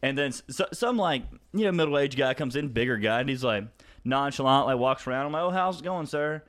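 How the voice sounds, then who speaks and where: A man's voice: mid-range voice, brisk, fairly bright tone. A man on a podcast telling rambling, profane stories in casual chat, laughing often as he talks.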